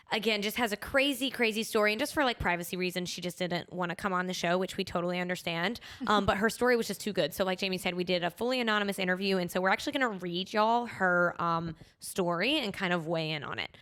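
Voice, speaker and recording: A young woman co-hosting a podcast, telling stories in an animated way with lots of "like". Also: mid-range voice, brisk, clear, resonant tone. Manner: animated storyteller, full of "like". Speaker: podcast co-host. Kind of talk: casual chat.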